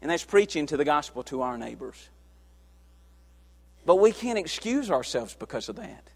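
A man from the United States preaching a sermon, swinging between loud emphatic peaks and low hushed stretches. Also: very animated, normal speed, vocal fry. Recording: long hall reverb.

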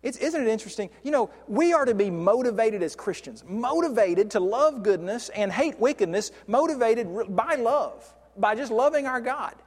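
A man preaching a sermon in a conversational way, often restarting and drawing out key words slowly. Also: extremely high pitch, lively intonation. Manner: conversational, with frequent restarts and slow stressed words. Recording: long hall reverb.

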